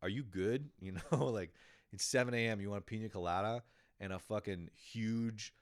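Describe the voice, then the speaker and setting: Laid-back deep-voiced man telling stories. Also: moderate pace, smooth, no echo, clean studio sound. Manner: laid-back, profane, laughing often, acting out quotes. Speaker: podcast host. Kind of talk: casual storytelling monologue.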